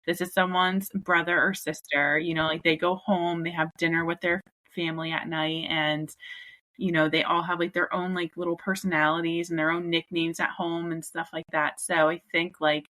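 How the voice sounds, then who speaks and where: A woman's voice: fairly low pitch, level tone, moderate pace, sharp tone. A woman in her thirties, a teacher, chatting as a podcast guest and peppering her speech with "like" and "you know". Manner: conversational, frequent "like" and "you know". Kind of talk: casual podcast chat.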